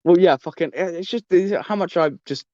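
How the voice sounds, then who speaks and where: A man's voice: sits high, fairly quick, mellow, no echo, lo-fi sound. A man hosting a casual podcast, rambling and swearing with many stumbling restarts. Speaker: podcast host.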